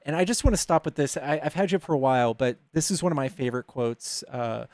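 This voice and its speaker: Sarcastic host guy, blunt, dry close mic, mid pitch. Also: fast talker, hardly any pauses, darkish tone, dry recording. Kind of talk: debate with a caller.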